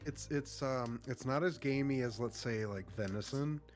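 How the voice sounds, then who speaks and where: A man with a Southern US accent, co-hosting a podcast in casual chat, relaxed and joking. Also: mid-range voice, normal speed.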